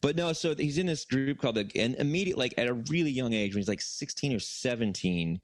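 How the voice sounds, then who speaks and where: A man's voice: mid-range voice, lively intonation, brisk, dry recording. A man co-hosting a podcast, telling a story casually in a rambling, profane way, full of fillers and restarts. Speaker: podcast co-host.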